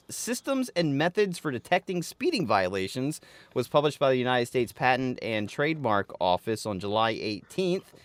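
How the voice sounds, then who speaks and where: A man's voice: a little high, clear, resonant tone, dry recording. A man co-hosting a comedy podcast, riffing crudely and reading a news story aloud. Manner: crude, riffing, breaks into loud put-on phone voices. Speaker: podcast co-host.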